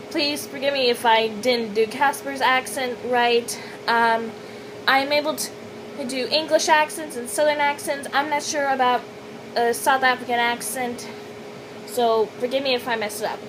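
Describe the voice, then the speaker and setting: A young woman reading her own fanfiction aloud in an animated, dramatic first-person voice. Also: high voice, a little slow, noisy background. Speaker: fanfiction reader.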